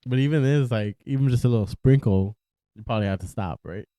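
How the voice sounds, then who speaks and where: A man's voice: mid-range voice, quick pace, dark tone, dry recording, clean studio sound. A young man co-hosting a podcast, easygoing and chuckling between lines. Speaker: podcast co-host. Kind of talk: casual chat.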